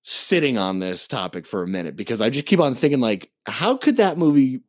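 A man's voice: medium pitch, a little fast, no room sound, clean studio sound. Profane man ranting about a movie. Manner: profane, animated movie rant. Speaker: podcast co-host. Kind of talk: casual chat.

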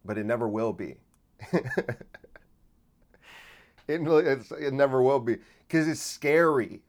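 A male comedian hosting a casual solo podcast, with a middle-pitched voice. He rambles, restarts his sentences and jumps between loud bursts and low asides. The talk is unscripted and loose. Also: expressive, slow pace. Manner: rambling, restarts a lot, swings loud and soft.

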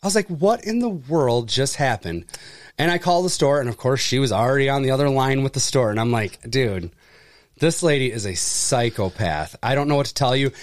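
A man telling a story in casual chat, acting out the people in it with jumps in voice and plenty of swearing. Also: quick pace. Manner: animated, acts out quoted people with pitch jumps, swears freely. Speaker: furniture delivery and service worker.

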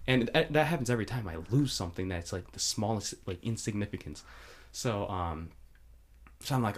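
A man's voice: lowish voice, fairly quick. A young man telling a long, rambling story in casual chat, filling his talk with "like". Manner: animated, rambling, lots of "like".

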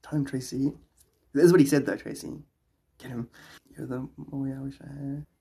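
Gravelly, husky South African man streaming. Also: medium pitch, fairly even intonation, fairly quick, warm tone. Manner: chatty, rambling, laughs often. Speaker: live streamer. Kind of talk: casual chat with live chat viewers.

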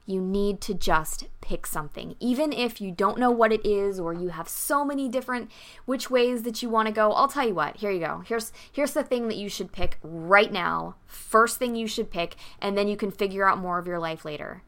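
A woman's voice: medium pitch, normal speed, a bit bright. A woman vlogger telling a story and giving emphatic, motivational advice to dancers.

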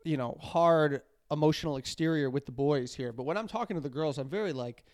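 Laughing young man with a smooth voice. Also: a little high, brisk, darkish tone, no room sound. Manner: storytelling, laughs often. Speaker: podcast co-host. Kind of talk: casual comedic chat.

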